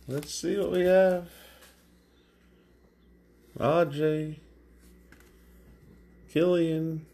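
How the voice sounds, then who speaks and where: A man's voice: fairly high pitch, fairly even intonation, very slow, pauses often, mellow, a little hiss or hum. A man hosting a card break, calling out card names one at a time as he opens packs. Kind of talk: live card-break commentary. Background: crinkling and tearing of packs.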